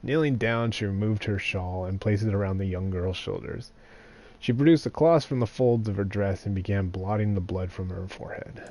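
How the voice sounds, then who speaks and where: A man's voice: fairly low pitch, normal speed, warm tone. Man reading a story aloud on stream. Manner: plain narration broken by laughing, joking comments. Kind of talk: live reading with casual asides.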